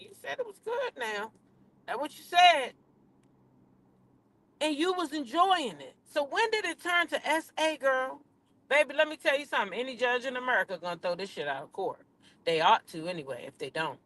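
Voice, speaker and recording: A woman's voice: fairly high pitch, a bit bright. A woman hosting a casual gossip commentary, talking in a sassy, emphatic way and repeating her points for effect. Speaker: commentary channel host.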